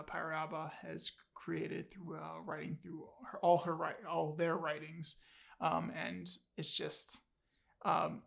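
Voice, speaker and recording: A man's voice: fairly high pitch, vocal fry, a bit bright. A man casually reviewing an audiobook on his channel, enthusiastic and rambling, with many fillers and restarts.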